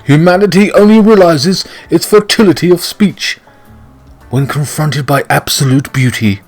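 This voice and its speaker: A man putting on a pompous, flowery gentleman suitor. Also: a little high, moderate pace, faint music behind, voice pushed up, lightly acted. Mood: grandiose. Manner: flowery, theatrical, grandiose speech. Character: pompous young male suitor posing as posh English gentleman.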